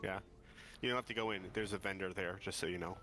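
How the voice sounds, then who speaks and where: A man on a call directs a friend through a game in a matter-of-fact way. He talks quickly in a lowish but bright voice. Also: steady tone, soft background music. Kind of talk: casual gaming chat.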